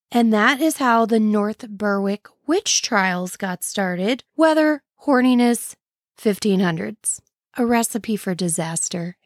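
A woman's voice: on the high side, no room sound, clean studio sound. A woman hosting a casual history podcast, telling the story with wry, sarcastic asides. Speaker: podcast host.

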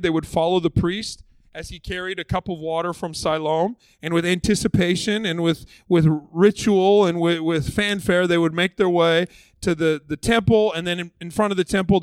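A man preaching a sermon as pastor, conversational and lively, often repeating words as he builds his point. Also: high-pitched, brisk, clear, resonant tone, dry recording.

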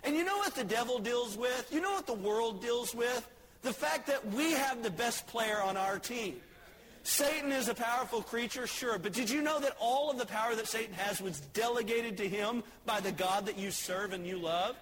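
A male preacher giving a sermon, telling stories and jokes, swinging between soft asides and shouted lines. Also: very high-pitched, moderate pace.

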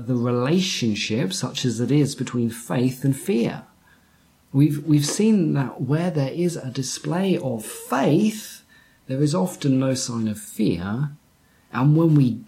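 A male pastor delivers a sermon in an unhurried, deliberate way, his voice carrying a gravelly edge. He often stumbles and repeats words, then sinks to a near-whisper to drive a point home. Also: mid-range voice, mellow. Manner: halting, repeats words, drops to whispers for emphasis.

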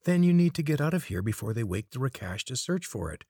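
A man's voice: mid-range voice, sing-song, fast, dark tone, husky, no echo, clean studio sound, pitched above the performer's own voice. A man voicing a bossy young woman scout who speaks in an urgent, hissing way. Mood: urgent, sly.

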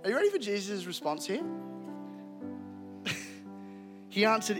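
A man with an Australian accent preaching a live sermon as pastor, animated and jokey, laughing at himself. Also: high-pitched, takes it slowly, long pauses. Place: church hall. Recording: live hall reverb with faint music.

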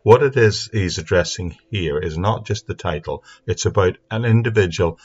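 A man giving an earnest, steady Bible teaching talk into a microphone for an online audience. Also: low voice, moderate pace, husky. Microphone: speaking into a mic. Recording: dull lo-fi sound.

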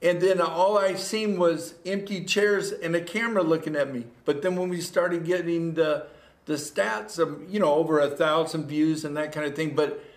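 A man preaching a livestreamed sermon as a pastor, earnest and repetitive, building to exhortation. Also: on the high side. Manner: earnest, repeats phrases, rises to exhortation. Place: church room. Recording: echoey room.

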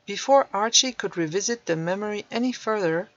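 A woman narrating a storybook in a measured, even way. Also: medium pitch. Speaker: audiobook narrator. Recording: dull dry recording.

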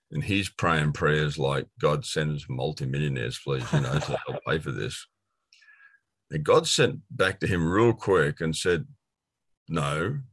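Deep-voiced aussie guy, middle-aged, telling his story in an interview, lots of ums, dry close sound. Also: a bit bright, no room sound. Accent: Australian. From Australia. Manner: earnest storytelling with frequent fillers and restarts. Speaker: guest. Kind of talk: personal testimony in an interview.

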